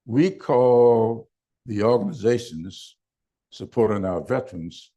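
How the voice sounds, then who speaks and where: An older man giving a town hall speech in slow, deliberate oratory with emphatic pauses. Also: a little high, lively intonation, a little mellow, muffled recording. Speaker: political speaker.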